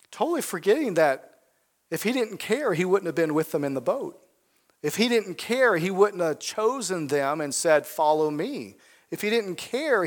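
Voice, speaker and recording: A man preaches a sermon from the pulpit of a church, speaking a little high in his register. He keeps putting questions to the congregation and circles back over key phrases for emphasis. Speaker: pastor.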